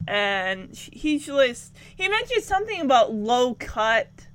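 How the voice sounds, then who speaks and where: A woman's voice: high voice, sing-song, slow pace, fairly bright tone. A woman giving a casual, chatty recap of a show episode, acting out the characters' lines with incredulous asides.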